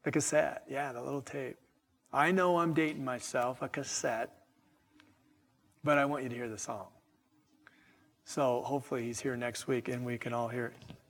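A middle-aged man preaching a sermon with slow, emphatic delivery and chatty asides to his congregation. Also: medium pitch, steady tone, a bit bright, in a large hall. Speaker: pastor.

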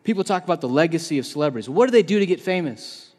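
A man in his thirties preaching a sermon in a conversational, animated way, acting out the quotes he tells. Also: fairly high pitch, rapid-fire. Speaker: pastor. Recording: long reverb of a large hall.

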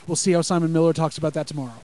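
Fast-talking man on a podcast call. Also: fairly high pitch, little pitch movement, darkish tone, rough recording. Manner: rapid, enthusiastic rambling with profanity. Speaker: podcast co-host. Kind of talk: casual live-reaction chat.

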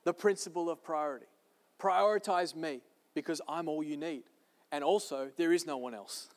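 Pastor, male, high-pitched and emphatic, preaching in a big reverberant hall. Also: moderate pace. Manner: emphatic, repeating key phrases. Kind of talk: sermon. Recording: long reverb of a large hall.

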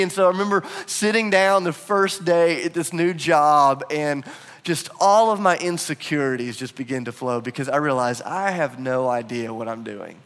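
A man preaching a sermon, telling a personal story with animated, acted-out quotes. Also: fairly high pitch, brisk. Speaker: pastor. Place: church hall. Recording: long hall reverb.

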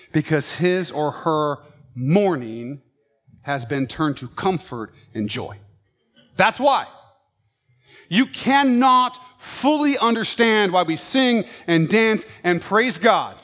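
A man preaching a sermon with passion, swinging between loud, emphatic lines and quiet, low ones.

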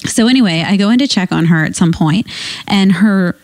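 A woman co-hosting a casual podcast who works as a nurse, a chatty and animated storyteller who laughs often. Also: medium pitch, brisk, no room sound.

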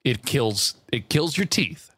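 Male podcast co-host, lively swooping delivery, dry close sound, playful pitchman energy. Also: slow, dry recording. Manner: playful, enthusiastic pitching of silly ideas. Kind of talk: casual banter.

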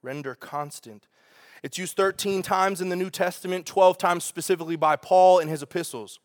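A male pastor delivers a sermon in a high, bright register. He talks conversationally and with energy, turning aside to speak directly to the congregation. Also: little pitch movement, fairly quick.

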